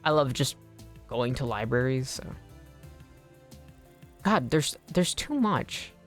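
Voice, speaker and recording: A young woman streams a game in a low, casual voice. She rambles and swears easily, and her pitch swings widely. Faint background music plays under her chat. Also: animated, slow pace.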